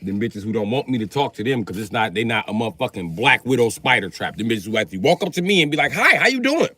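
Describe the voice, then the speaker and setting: A man's voice: expressive, quick pace, fairly bright tone, dry recording, low-quality recording. A man ranting in a crude joking way on a live stream from a car. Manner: crude, joking, swings up and down in pitch. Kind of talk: rambling live-stream rant.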